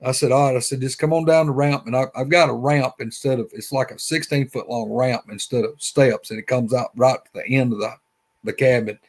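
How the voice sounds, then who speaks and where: A man's voice: mid-range voice, fairly even intonation, fairly quick, a little mellow. A man with a Southern Alabama accent, telling a story in a rambling, folksy way. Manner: rambling, folksy, repeats himself. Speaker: guest. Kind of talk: casual storytelling.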